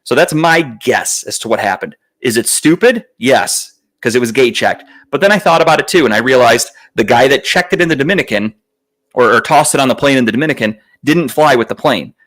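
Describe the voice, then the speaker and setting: The podcast host sounds animated and a little fast, his mid-range voice fairly bright, on a rough recording. Telling his story casually, he swears heavily, sounds exasperated, and performs other people's lines in a raised voice.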